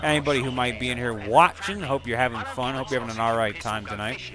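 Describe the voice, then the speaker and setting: A man giving profane, excitable live commentary while playing a video game and yelling at what happens on screen. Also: mid-range voice, quick pace. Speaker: gaming streamer.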